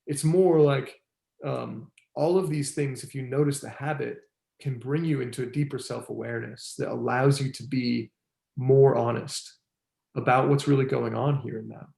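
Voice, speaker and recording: Gravelly relaxed man teaching in an echoey room. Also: medium pitch, moderate pace. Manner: relaxed, rambling with many fillers and laughs. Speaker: circling facilitator. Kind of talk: casual teaching talk.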